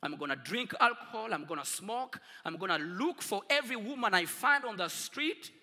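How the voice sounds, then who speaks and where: A man voicing a grieving young youth pastor who shouts in defiant anger at God. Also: high voice, expressive, moderate pace, big-room sound, exaggerated voice. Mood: furious.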